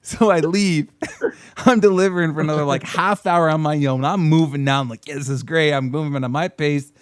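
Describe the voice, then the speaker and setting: A man's voice: fairly high pitch, steady tone, a little fast, clean tone, no echo, studio quality. A man telling a long, rambling story on a podcast, swearing, laughing and acting out the people he quotes. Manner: acts out quoted voices. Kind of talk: casual storytelling. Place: podcast studio.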